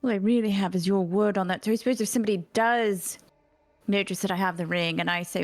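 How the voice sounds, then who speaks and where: A woman player in a tabletop game, wry and knowing, addressing others as dear. Mid-pitched, with a dry sound and faint music behind. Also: steady tone, fast, no echo. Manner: wry, calls people dear.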